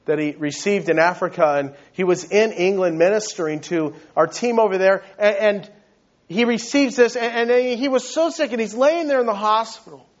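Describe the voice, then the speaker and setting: A man's voice: high voice, normal speed. A male pastor preaching a sermon, earnest and emphatic, often repeating words as he builds his point, on a dull, lo-fi recording.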